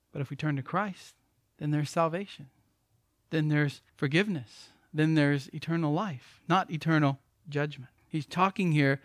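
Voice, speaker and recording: A man preaching a sermon as pastor, emphatic and pleading, swinging from loud exclamations to hushed lines. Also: fairly high pitch, dry recording, studio quality.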